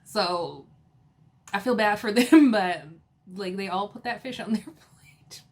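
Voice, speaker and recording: A woman hosts a casual recap of a reality TV episode. She talks in a chatty, giggly way, with plenty of fillers and playful asides to her viewers. Her pitch sits in an ordinary middle range. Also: takes it slowly.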